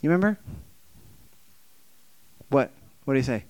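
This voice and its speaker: Animated and brisk, a man with a slightly mellow, clean voice pauses often in a dry recording. He preaches an impassioned, conversational sermon, firing rhetorical questions and performing quoted voices with big swings in pitch and volume.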